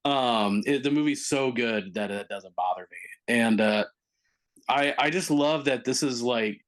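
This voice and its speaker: A man's voice: medium pitch, a little slow. A man with a mid-range voice chats on a film podcast. He rambles with enthusiasm and stacks up hedges as he thinks aloud. His delivery is loose and friendly. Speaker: podcast co-host. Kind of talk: casual film podcast chat.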